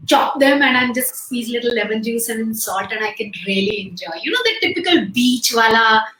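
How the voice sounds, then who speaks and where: A woman's voice: a little high, normal speed, bright, forceful tone, reverberant, slight background noise, poor audio. A woman in her late forties with an Indian English accent, telling a personal story in an interview, full of "like" and "you know" fillers. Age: late 40s. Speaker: guest. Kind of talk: conversational interview over video call.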